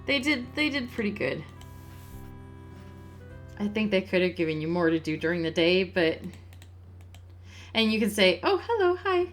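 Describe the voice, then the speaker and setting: A woman's voice: fairly low pitch, lively intonation, normal speed, pauses often, fairly bright tone, faint music behind. A woman hosting a let's play, giving casual, musing gameplay commentary and laughing often.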